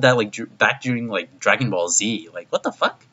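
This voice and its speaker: A man's voice: mid-range voice, lively intonation, a little fast, few pauses, sharp tone, slightly rough. A man casually reviewing an anime episode, rambling with lots of fillers and swearing. His voice jumps up in disbelief. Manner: rambling and profane, heavy use of "like". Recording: dull lo-fi recording.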